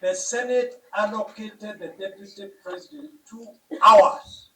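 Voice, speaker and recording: A man argues before a court in a slow, deliberate way, leaning on key words for emphasis. His voice sits high and bright. It is heard from some distance in an echoey courtroom. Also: steady tone, a little hiss or hum. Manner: deliberate, emphatic, measured phrasing. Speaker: advocate addressing the court. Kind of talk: formal legal submission. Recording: echoey room, mic at a distance.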